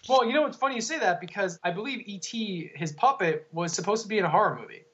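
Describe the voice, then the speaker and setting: A man with a notably high voice talks casually on a podcast, animated and quick to argue a point. The sound is slightly dull and lo-fi. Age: adult. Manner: animated, argumentative, laughs often. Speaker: podcast co-host. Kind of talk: casual chat.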